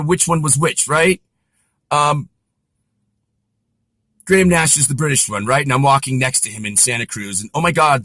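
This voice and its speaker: A man rambles through personal anecdotes in a loose, animated monologue, tossing in asides as he goes. His voice sits a bit high and rings bright, recorded close and dry. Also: dry recording. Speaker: vlogger. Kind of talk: casual storytelling monologue.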